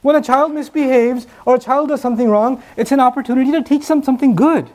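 A man's voice: very high voice, fast talker, a little mellow. A man preaching a sermon, earnest, repeating key phrases and asking the listeners rhetorical questions.

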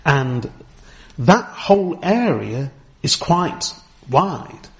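A middle-aged man giving a deliberate religious lecture, explaining history and careful Arabic terms as a teacher. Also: on the high side, sing-song. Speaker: Islamic teacher.

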